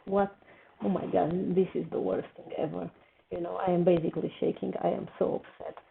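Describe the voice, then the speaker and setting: A woman's voice: on the low side, little pitch movement, brisk, vocal fry. A woman hosting a casual TV reaction video, talking emotionally and repeating herself when upset. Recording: tinny phone-like sound with faint noise.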